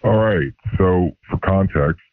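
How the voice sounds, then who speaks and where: A man's voice: takes it slowly, no room sound. A man in his forties calling in anonymously through a voice changer, telling a sheepish, rambling story. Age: 40s. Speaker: anonymous caller. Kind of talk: confessional call-in story. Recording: deep-pitched, muffled phone line.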